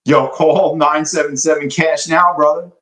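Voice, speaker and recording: A man's voice: a little high, steady tone, normal speed, fairly bright tone, poor audio. A young man day trading live, chatting loosely with his stream viewers and swearing now and then. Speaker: livestream day trader. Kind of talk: casual live-stream chat.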